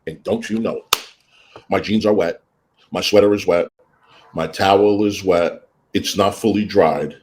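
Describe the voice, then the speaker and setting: A livestream host tells a story casually, ranting with animation and acting out both sides of an argument, and he greets viewers in a high sing-song voice. He talks a little slowly with frequent pauses, over a faint hiss or hum.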